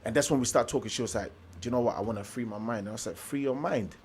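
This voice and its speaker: Man from germany, quick pace, lively storyteller who acts out dialogue, faint ambience behind. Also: mid-range voice, a little hiss or hum. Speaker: motivational speaker, guest. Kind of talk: casual storytelling interview.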